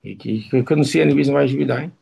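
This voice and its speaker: A man giving an informal Torah talk, halting and repeating words, then pressing his points with emphatic urging. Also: mid-range voice, mellow. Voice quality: gravelly, husky voice. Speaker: Torah teacher.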